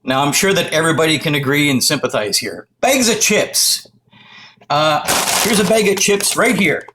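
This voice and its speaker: A middle-aged man from the Toronto area, ranting to camera in a loud, exasperated, profane comic rant. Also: fairly high pitch, moderate pace, background noise. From Canada, Toronto area.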